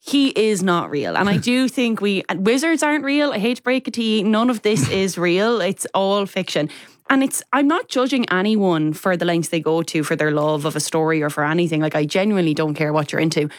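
Low-voiced woman, exasperated casual chat. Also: lively intonation, fairly quick, no echo, clean studio sound. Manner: exasperated, emphatic. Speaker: podcast co-host.

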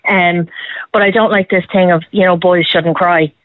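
A woman's voice: fairly low pitch, steady tone, moderate pace, no echo. A woman, calling in to a radio show and chatting emphatically, with ready laughs. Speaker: caller, podcast host. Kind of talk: casual radio phone-in chat. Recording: tinny phone line.

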